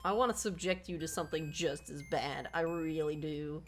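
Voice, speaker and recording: A woman's voice: low voice, moderate pace, soft background music. A woman streaming a video game, ranting with melodramatic, profane frustration at a level she is playing. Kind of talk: gameplay livestream commentary.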